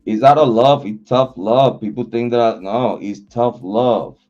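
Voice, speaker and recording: A man hosting a livestream, chatting loosely with his viewers in a slangy, repetitive style and giving shout-outs. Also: medium pitch, unhurried. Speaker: livestream host. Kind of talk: casual livestream chat. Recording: dull lo-fi audio, faint music.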